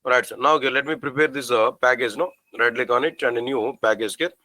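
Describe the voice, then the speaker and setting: A man at a middle pitch teaches a live coding lesson, asking his class rhetorical questions and repeating his phrases. He spells out code slowly, one part at a time. The recording is dry and close. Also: sharp tone, no room sound, poor audio. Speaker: programming teacher.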